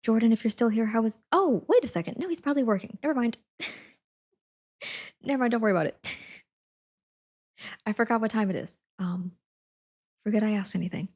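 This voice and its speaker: A woman's voice: fairly high pitch, brisk, pauses often, a little mellow. A woman livestreaming from home, chatting casually and laughing as she reads and answers her chat while packing. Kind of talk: casual live-stream chat.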